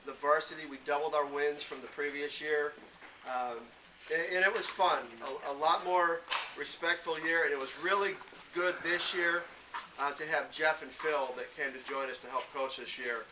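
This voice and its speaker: A man gives an awards speech as head coach, stumbling over his words and restarting lines. His voice sits a bit high for a man and comes from some distance, with a steady noise underneath. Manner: halting, repeats words, many fillers. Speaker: head coach at a team banquet. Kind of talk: awards speech to players and parents. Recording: distant mic with background noise.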